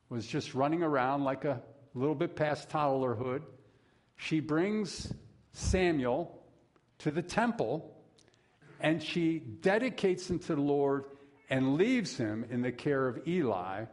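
A middle-aged man preaching a sermon as a pastor, folksy and conversational, with asides to the congregation. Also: on the high side.

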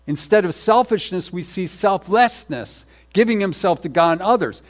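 A man with a fairly high voice delivers a sermon from the pulpit. He preaches emphatically, hammering repeated words and moving between loud, forceful stretches and quiet asides. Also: animated, moderate pace. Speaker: pastor.

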